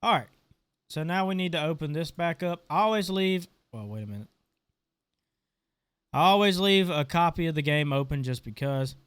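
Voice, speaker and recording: A man's voice: a little high, animated, normal speed, pauses often, fairly bright tone, clear, resonant tone, no echo. A man hosting a casual gaming tutorial, talking offhandedly while clicking through settings, his voice stuffy and congested. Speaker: gaming channel host. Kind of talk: casual screen-recorded tutorial.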